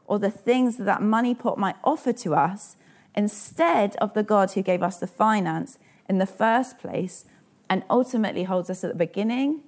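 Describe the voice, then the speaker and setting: A woman's voice: mid-range voice, darkish tone. A woman in her thirties preaching a sermon in an earnest, personal way and asking the listeners direct questions.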